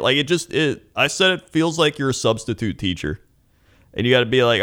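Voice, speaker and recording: A man's voice: medium pitch, normal speed. A man, a streamer, chatting casually and mimicking viewers in a raised voice. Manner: relaxed, mimics chat in raised voice. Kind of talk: casual chat.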